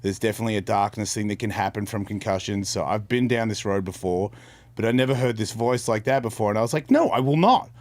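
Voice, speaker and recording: Quick-paced, fairly low-pitched, and darkish in tone, this middle-aged co-host keeps a fairly even intonation. On a podcast, he earnestly recounts a personal story in rambling, casual talk, stumbling into repeats and restarts mid-sentence.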